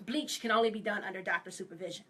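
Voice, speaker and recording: A woman's voice: medium pitch, very fast, fairly bright tone. A woman dentist chatting casually as a guest, explaining things frankly and calling people "baby". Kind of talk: casual chat.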